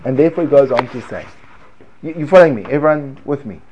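A man teaching a Torah class, animated, swinging between loud emphasis and hushed tones. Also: mid-range voice, quick pace, slight background noise.

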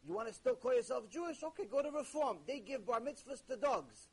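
Husky guy with a high voice giving a lively religious lecture, chatty and jokey. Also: brisk, rough recording. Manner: animated, conversational, with sudden jokes. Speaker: religious teacher. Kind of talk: recorded ethics lecture.

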